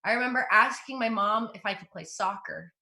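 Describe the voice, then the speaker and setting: A woman's voice: medium pitch, fairly quick, sharp tone. A young woman doing a stand-up comedy set from home for an online show, upbeat and self-mocking. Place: at home in front of a green screen. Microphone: computer mic for an online show.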